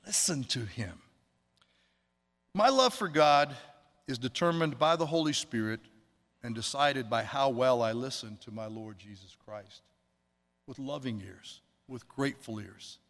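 A man preaching a sermon, earnest, slowing down to stress words and quoting scripture. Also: mid-range voice, expressive, a bit bright. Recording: long hall reverb.

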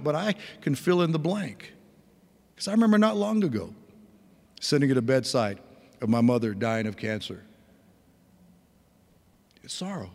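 A man's voice: fairly high pitch, a little mellow. Earnest preacher man in a reverberant hall. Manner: conversational, earnest, with folksy asides. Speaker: pastor. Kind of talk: sermon.

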